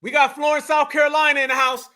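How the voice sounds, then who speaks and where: Heated high-voiced man reacting live. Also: flat delivery, fast talker, sharp tone. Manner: heated, mocking, addresses chat as family. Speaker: livestream host. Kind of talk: reacting to a video on a livestream.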